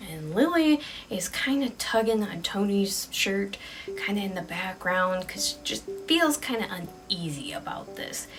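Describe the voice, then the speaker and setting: A woman narrating an improvised ghost story in a casual, chatty way, sometimes dropping into hushed asides. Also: mid-range voice, slight background noise.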